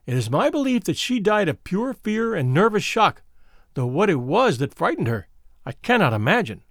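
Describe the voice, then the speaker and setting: An audiobook reader, a man, voices a frightened young woman recounting her twin sister's death. His telling is earnest and measured like a storybook, in a high voice with big pitch swings, recorded at studio quality with no echo.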